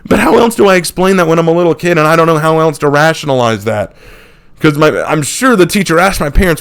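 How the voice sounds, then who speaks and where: Man telling a lively personal story. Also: a little high, clean tone. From United States. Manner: lively anecdote telling, laughs often; acts out people in the story with quick impressions. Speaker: channel host. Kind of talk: casual storytelling.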